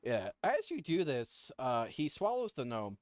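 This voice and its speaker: A man's voice: medium pitch, huge pitch swings, measured pace, no room sound, studio quality. A man running a tabletop fantasy game as dungeon master over a voice call. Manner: plays a reluctant king in brief asides. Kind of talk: narrating a tabletop game online.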